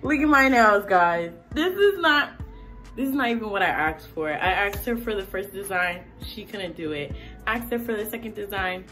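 Animated, exasperated woman vlogger. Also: medium pitch, moderate pace, soft background music. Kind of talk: casual vlog rant.

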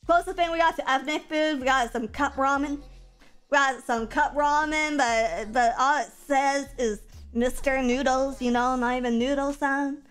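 A woman's voice: high voice, fairly even intonation, moderate pace, a bit bright, soft background music, pitched below the performer's own voice. A woman streamer playing a brash, self-pitying young woman inmate in a comedic jail role-play, talking in a slangy drawl full of rambling repeats. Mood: drawling, gossipy. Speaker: VTuber streamer.

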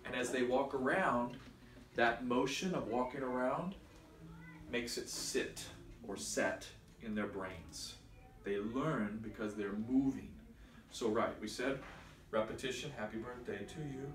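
A man's voice: medium pitch, slow pace, a bit bright. A man teaching a church confirmation class, patiently explaining and quizzing his students. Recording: echoey room from far off.

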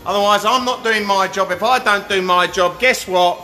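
A man running a live-stream sales pitch from a showroom. He drives the viewers on, shouting out calls to join in. His voice is high and bright, and it echoes through the room over background music. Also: normal speed, hardly any pauses. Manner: pushy, hyped, calls out to viewers, keeps asking "yeah?". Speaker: hot tub dealer hosting a giveaway livestream.

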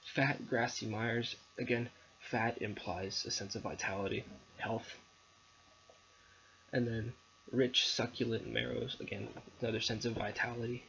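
Medium pitch, flat delivery, creaky and a bit bright: this young man speaks at normal speed but pauses often. He's giving a recorded, hesitant poem analysis with many ums and restarts, on dull lo-fi audio with faint background noise.

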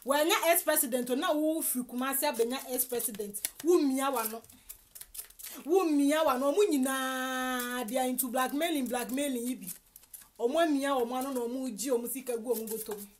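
A Ghanaian woman giving animated gossip commentary, mixing Twi and English with loud exclamations. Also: high voice, fairly quick, slight background noise.

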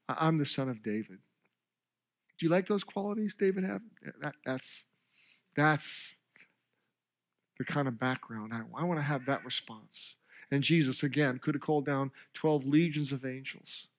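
A man preaching from the pulpit, his voice sitting a little high for a man. He tells a story with swelling emphasis and briefly takes on the characters' voices as he goes. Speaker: pastor. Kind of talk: sermon.

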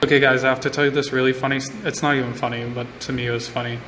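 A man's voice: medium pitch, level tone, rapid-fire, fairly bright tone, slight background noise. Chatty young man on a roomy phone live stream. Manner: chatty, rambling, repeats himself with lots of likes. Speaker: vlogger on an Instagram live stream. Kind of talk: casual live-stream chat. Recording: roomy phone audio with a long reverb tail.

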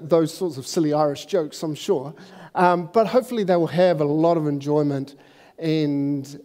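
A man's voice: fairly high pitch, mellow, in a large hall. A man speaking to his church in a chatty, joking, self-deprecating way. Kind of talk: casual sermon introduction. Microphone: clip-on microphone.

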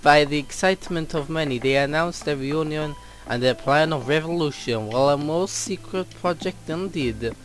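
A man's voice: a little high, natural voice. A man reading a game's story intro aloud in a put-on Swedish accent, stumbling and laughing between phrases.

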